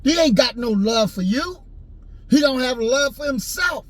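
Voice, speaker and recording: A man delivering an impassioned, preachy rant and story, repeating his points and rising into shouts. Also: very high voice, lively intonation, unhurried, dry recording, low-quality recording. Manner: preachy, repetitive, swings into shouting.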